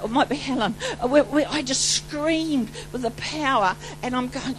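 A woman preacher gives an excited, rambling testimony sermon. Her voice sits high and swings from loud exclamations to hushed asides. A faint hum runs underneath. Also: moderate pace, few pauses, poor audio. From New Zealand.

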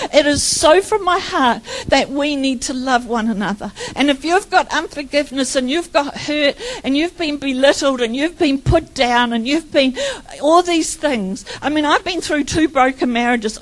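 High-voiced woman giving an emotional testimony. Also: rough recording. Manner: emotional, animated storytelling with laughs and tearful moments. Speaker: preacher. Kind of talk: personal testimony sermon.

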